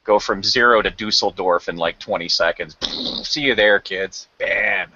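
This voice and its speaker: A man's voice: deep voice, normal speed, bright, forceful tone, no room sound. A man in a casual online chat, joking and teasing playfully. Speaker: debate participant. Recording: dry, dull lo-fi audio.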